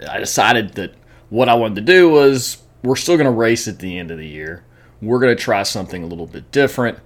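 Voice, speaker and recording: A man's voice: medium pitch, animated, brisk. A man telling his training mishaps in a casual vlog, chatty, often laughing and repeating words as he talks. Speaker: amateur triathlete vlogger.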